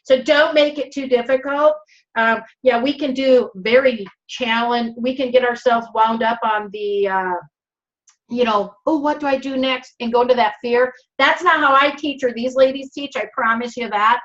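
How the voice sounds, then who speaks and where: A woman's voice: a little high, normal speed, a bit bright. A woman with a Minnesotan accent hosting a live stream, chatting in an upbeat, rambling way over a video call. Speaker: host. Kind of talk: casual live-stream chat. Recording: dull video-call audio.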